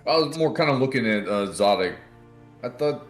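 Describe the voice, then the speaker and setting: A man's voice: mid-range voice, animated, moderate pace, reverberant, soft background music. A man playing a tabletop game, joking and slipping in and out of character. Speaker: player.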